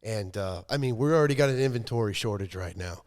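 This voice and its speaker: A man's voice: lowish voice, animated, fast talker, a little mellow. A man co-hosting a podcast, wisecracking and rambling in casual chat. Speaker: podcast co-host.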